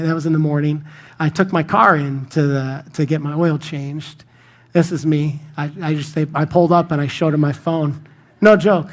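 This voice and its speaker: A man preaching a sermon in a conversational, self-deprecating storytelling manner. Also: fairly high pitch. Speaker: pastor.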